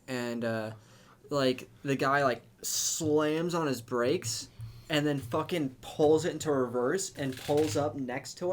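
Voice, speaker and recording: A young man co-hosting a podcast in casual chat, crude and halting, with many stops and restarts. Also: mid-range voice. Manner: crude, halting, lots of fillers. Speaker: podcast co-host.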